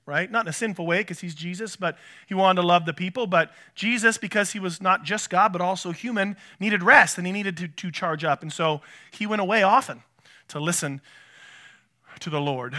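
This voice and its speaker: A man's voice: high-pitched, pushed and bright. A man, a pastor, preaching a conversational sermon, asking the congregation questions and poking fun at himself. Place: church.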